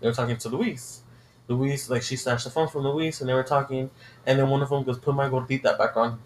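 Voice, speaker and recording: A man's voice: mid-range voice, fairly even intonation, a little fast, a little hiss or hum. Male podcast co-host, profane rambling storyteller, echoey room. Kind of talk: casual chat.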